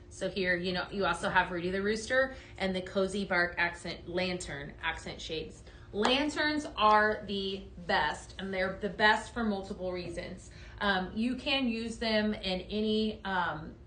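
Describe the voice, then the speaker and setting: Bright-voiced woman hosting a live sale, gushing and upbeat, in an echoey studio. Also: medium pitch, slight background noise. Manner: gushing, upbeat sales talk; talks straight to viewers. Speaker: host of a live home-decor sales stream. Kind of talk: live product demo chat.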